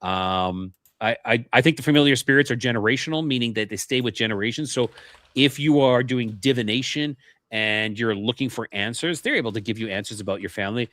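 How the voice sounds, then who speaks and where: A man's voice: mid-range voice, animated, brisk, fairly bright tone, no echo. Earnest man telling paranormal stories. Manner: earnest, repeats words when starting sentences. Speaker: podcast guest. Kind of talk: paranormal interview storytelling.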